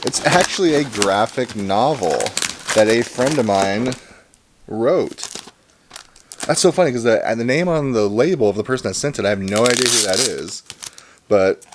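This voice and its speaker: A man's voice: mid-range voice, animated, moderate pace, background noise. A man in his thirties hosting a casual unboxing vlog, chatty and rambling, with an enthusiastic manner. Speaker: comic collector and channel host.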